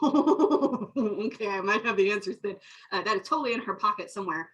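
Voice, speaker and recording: A woman's voice: mid-range voice, very fast, sharp tone, muffled recording. A woman player in a tabletop roleplaying game, talking casually and correcting herself as she goes. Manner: rambling, self-correcting. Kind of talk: casual tabletop play chat.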